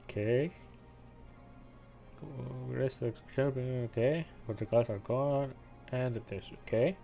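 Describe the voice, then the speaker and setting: A man's voice: medium pitch, slow pace, creaky, pauses often, mellow, soft background music. A man streaming a game, chatting casually and reading the text aloud with frequent self-corrections. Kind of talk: let's play commentary.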